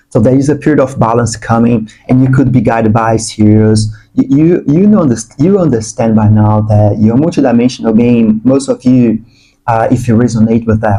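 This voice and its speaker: A man giving an earnest, spiritual channeled tarot reading, sometimes breaking into excited bursts. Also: medium pitch, poor audio. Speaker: tarot reader.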